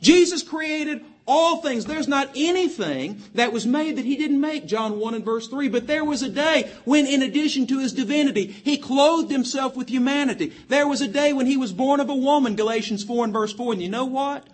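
A man preaching a sermon to young people, emphatically citing chapter and verse and quoting scripture in old-fashioned wording. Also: very high-pitched. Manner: quotes scripture in King James wording, cites verses rapidly.

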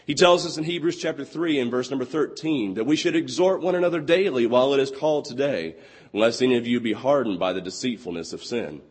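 Young male preacher with a hoarse, lost voice; earnest, slow on scripture, in a reverberant hall. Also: medium pitch. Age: 20s. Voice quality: husky. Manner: earnest, quotes scripture slowly and deliberately. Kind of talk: sermon.

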